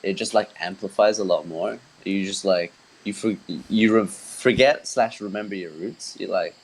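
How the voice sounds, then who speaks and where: With a deep, slightly breathy voice at normal speed, a young man with a mild Australian accent talks about his band on a podcast. He's relaxed and rambling, using lots of fillers, and the audio is poor.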